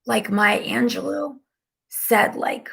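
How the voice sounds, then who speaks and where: A woman medium channels spirits live from her living room. She sounds flustered and keeps slipping into hushed, whispered asides. Her voice is fairly high with a gravelly fry. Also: slow. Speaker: psychic medium.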